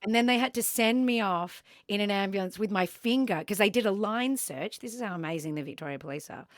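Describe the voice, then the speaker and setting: An Australian woman telling a story on a podcast. She talks with plenty of ums and throws herself into voicing the people in it. Her pitch sits in the middle, and the sound is close and dry. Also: a little fast, no room sound. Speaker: podcast co-host. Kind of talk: casual storytelling chat.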